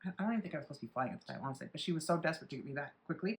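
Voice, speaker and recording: Speaking rapid-fire in a low, creaky, animated voice, this woman in her forties vlogs about beauty while recounting a personal story. She's blunt and candid, swears freely, and acts out other people's words.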